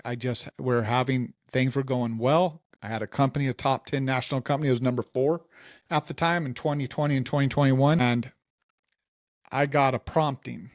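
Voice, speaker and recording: A man's voice: medium pitch, fairly even intonation, normal speed. A man, a mortgage company founder, telling his story in a casual interview and acting out the dialogue.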